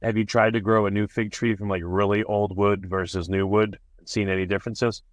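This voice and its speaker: A man's voice: lowish voice, level tone, fairly quick, no echo. A man hosting an interview, asking long curious questions that ramble and restart. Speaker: podcast host.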